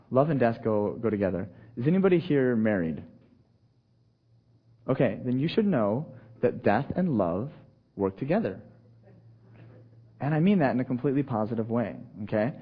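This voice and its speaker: A man preaching a sermon to a congregation in a loose, conversational way, often checking in with the room and swinging between soft asides and emphatic points. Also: mid-range voice, breathy edge. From United States. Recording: dull, lo-fi sound.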